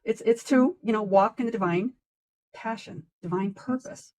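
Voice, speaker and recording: A woman's voice: mid-range voice, normal speed, mellow, rough recording. An older woman hosting a casual interview, telling her stories in an effusive, gushing way. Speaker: host.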